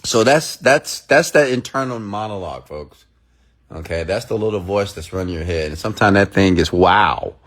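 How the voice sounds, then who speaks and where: A man's voice: low voice, lively intonation, normal speed, a bit bright. A man giving a casual motivational talk to viewers, emphatic and repetitive, often checking in with his audience and acting out the thoughts in their heads. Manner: acts out inner thoughts in quoted asides. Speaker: motivational speaker hosting a livestream.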